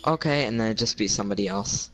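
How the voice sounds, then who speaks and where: A man's voice: on the low side, quick pace, a bit bright. A man chatting casually while playing a video game, goofing around with teasing banter and mock confusion. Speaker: gamer.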